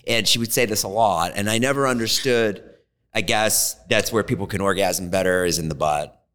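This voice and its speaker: A man's voice: lowish voice, normal speed, smooth. A man hosting a podcast in casual chat, blunt and joking. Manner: blunt, joking, lively intonation. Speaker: podcast host.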